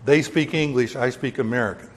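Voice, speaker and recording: A man delivers a Bible sermon in church, folksy and joking, punching key words with sudden emphasis. His mid-pitched voice rings out with a long hall reverb. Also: a little fast. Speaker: preacher.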